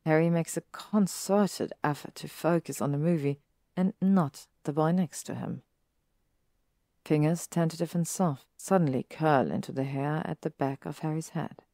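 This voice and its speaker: A woman reading fan fiction aloud in a calm, even narration. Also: low-pitched, moderate pace, no echo, studio quality. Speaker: story reader.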